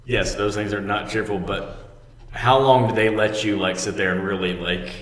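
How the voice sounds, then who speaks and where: A man's voice: on the low side, steady tone, normal speed. A man co-hosting a casual movie chat, picking apart a film with sarcastic, opinionated commentary. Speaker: podcast co-host. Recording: echoey room with long reverb.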